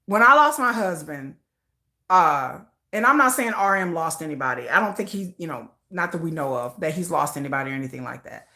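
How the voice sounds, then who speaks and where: A woman's voice: sits low, animated, fairly quick, pushed and bright. Emotional woman host, close to tears. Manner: heartfelt, repetitive, building to frustration. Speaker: livestream host. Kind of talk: emotional casual commentary.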